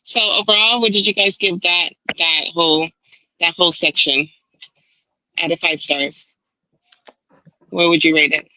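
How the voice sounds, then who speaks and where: A woman hosting a book club discussion on a stream, retelling scenes with animated acted-out lines and casual swearing. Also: lowish voice, unhurried, long pauses, no echo, poor audio. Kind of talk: casual chat. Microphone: online stream setup.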